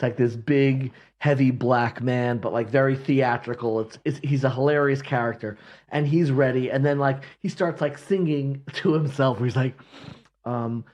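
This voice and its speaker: A man with a mid-pitched, ordinary voice, thinking aloud in a reflective talk. He searches for his words and restarts his sentences. When he tells a story he becomes lively. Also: a little slow. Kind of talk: reflective conversation.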